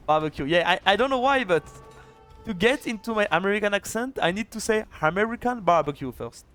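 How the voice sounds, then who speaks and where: Excitable man doing game commentary. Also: a little high. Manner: excitable, chatty, quick restarts. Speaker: esports caster and streamer. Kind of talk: live video game commentary.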